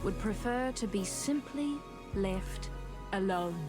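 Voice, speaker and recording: A woman's voice: mid-range voice, lively intonation, slow, music in the background. A woman narrating like a nature documentary in a game intro.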